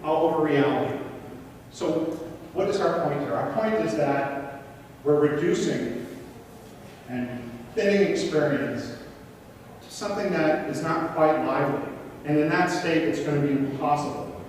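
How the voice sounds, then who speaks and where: Male conference speaker, high-ish voice, far from the mic in a reverberant hall, engaging and full of questions. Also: unhurried, long pauses, a little hiss or hum. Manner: questions the audience, rhetorical and animated. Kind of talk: interactive conference presentation. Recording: echoey hall, recorded from afar.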